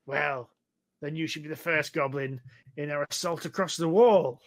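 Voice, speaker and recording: A man's voice: on the high side, normal speed, dry recording, clean studio sound, natural voice. A man voicing a cold, mocking male hobgoblin commander who gives orders in a tabletop game.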